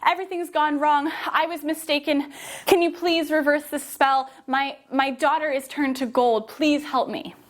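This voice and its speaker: A woman's voice: high-pitched, steady tone, moderate pace, natural voice. A woman voicing a greedy king in a children's story, pleading desperately for help.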